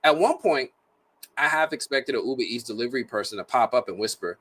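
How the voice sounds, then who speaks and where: A man's voice: mid-range voice, brisk. A man reviewing a movie in a casual, jokey, slang-filled way. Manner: animated, slangy, jokey delivery.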